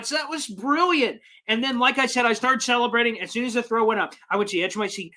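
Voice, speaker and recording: A man hosting a live fan stream, reading viewer comments and talking in a passionate, rambling way while emotional and excited. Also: a little fast, few pauses. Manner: high-energy, passionate, rambling. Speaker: sports fan show host.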